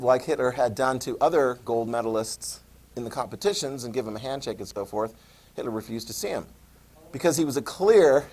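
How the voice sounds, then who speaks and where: A man with a darkish tone teaches high school history, lecturing informally. Sarcastic side comments run throughout, along with repeated prompts for students to take notes.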